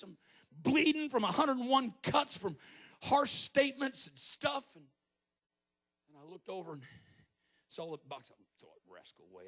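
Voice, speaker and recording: A man in his fifties preaching a sermon as a guest preacher at a church service, telling stories with joking asides and rising to shouted peaks. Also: very high voice. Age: 50s.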